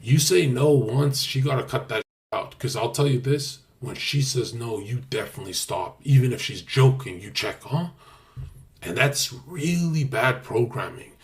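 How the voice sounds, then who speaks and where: Young male streamer, cocky and profane, mid-pitched, lurches from quiet mumbles to shouts. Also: expressive, moderate pace. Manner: brash, profane, boastful, swings from mutters to loud outbursts. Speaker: livestreamer. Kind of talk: casual stream talk.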